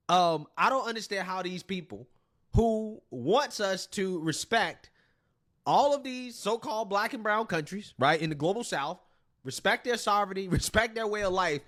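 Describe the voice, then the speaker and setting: A man's voice: high-pitched, lively intonation, moderate pace, a bit bright. A man hosting a reaction commentary, blunt and swearing freely, laughing between phrases. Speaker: commentary channel host.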